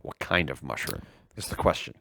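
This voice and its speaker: Animated joking male stream co-host. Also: very deep voice, creaky, dry recording, studio quality. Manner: joking, animated, reads promos quickly. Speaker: livestream co-host. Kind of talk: casual tech chat.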